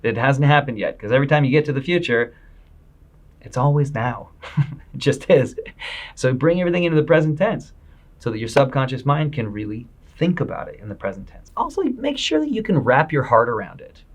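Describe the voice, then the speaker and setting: A man's voice: mid-range voice, very animated, fairly quick. A man giving a casual, upbeat motivational talk as a business coach, acting out people's inner voices as he goes.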